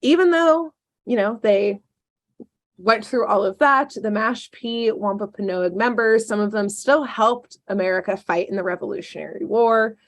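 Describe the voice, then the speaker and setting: Co-hosting a podcast, a woman recounts a dark history story in a casual way, tossing in sarcastic asides and plenty of ums. Her voice is medium-pitched and her pace moderate.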